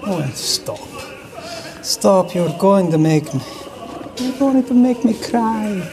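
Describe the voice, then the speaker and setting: A sing-song Italian fashion designer. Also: male voice, high voice, lively intonation, slow, a crowd in the background, heavily acted. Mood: gushing. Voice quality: sing-song, musical cadence. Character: flamboyant Italian male fashion designer, eager, theatrical. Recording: film clip with faint music.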